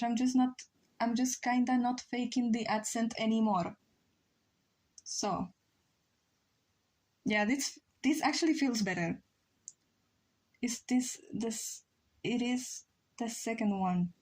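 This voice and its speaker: Slow-talking woman, Spanish native, chatty streamer. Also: fairly high pitch, darkish tone. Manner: chatty, self-mocking, frequent ums and laughs. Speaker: livestreamer. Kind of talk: casual stream chat reading chat messages.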